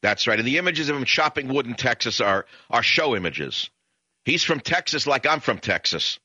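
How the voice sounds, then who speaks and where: A man's voice: mid-range voice, sing-song, normal speed, sharp tone, slightly rough, no room sound, dull audio. Bombastic man hosting talk radio. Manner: bombastic, rising to emphatic peaks. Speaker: radio talk show host. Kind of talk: combative talk radio monologue.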